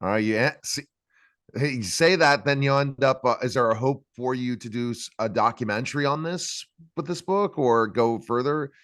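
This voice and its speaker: A man's voice: mid-range voice, moderate pace, fairly bright tone, no echo. A man hosting his own interview show, asking chatty, rambling questions in a casual way. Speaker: show host.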